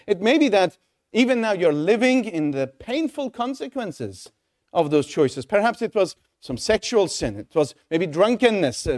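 A man's voice: high-pitched, darkish tone. A man preaching a sermon in an earnest, pleading way, often restarting and repeating words.

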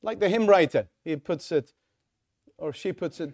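Male preacher, slightly higher voice, urgent pleading sermon full of rhetorical questions. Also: normal speed, a little mellow. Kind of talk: evangelistic sermon.

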